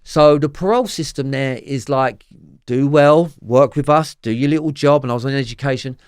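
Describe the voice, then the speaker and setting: Man, Cockney accent, interview guest, rambling, profane, fillers, loud-to-quiet swings, dry close sound. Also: medium pitch, normal speed, clean tone, dry recording. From London, England. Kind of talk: candid storytelling interview.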